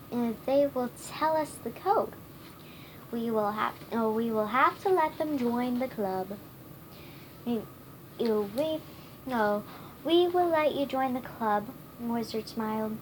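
A woman's voice: on the high side, a little hiss or hum, poor audio. A woman reading a children's storybook aloud, stumbling and restarting words often. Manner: halting, stumbling reading with many restarts and self-corrections. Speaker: reader.

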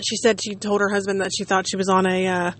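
A woman's voice: medium pitch, little pitch movement, fast talker, fairly bright tone. A woman in her late thirties chatting casually to her viewers, rambling and poking fun at herself. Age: late 30s. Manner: chatty, rambling, self-mocking. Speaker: vlogger. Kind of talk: casual chat.

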